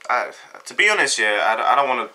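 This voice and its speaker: A man's voice: mid-range voice, fast. A young man, chatting casually in a laid-back way on a vlog. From Britain. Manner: relaxed, laid-back slang. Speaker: vlogger. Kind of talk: casual chat.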